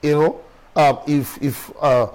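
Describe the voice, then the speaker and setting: A man's voice: on the high side, fairly even intonation, slow pace, darkish tone, rough recording. A middle-aged man delivering a sermon as a preacher, emphatic and full of rhetorical questions.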